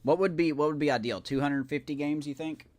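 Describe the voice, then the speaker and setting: A man's voice: on the high side, brisk. A man streaming a video game live, talking casually in a rambling, self-correcting way and chatting with his viewers.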